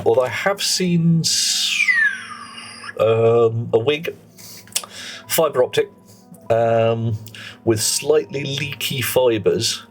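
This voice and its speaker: A middle-aged man chatting and rambling in casual commentary while he plays a game on a live stream. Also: medium pitch. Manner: rambling, chatty, muttering to himself while playing.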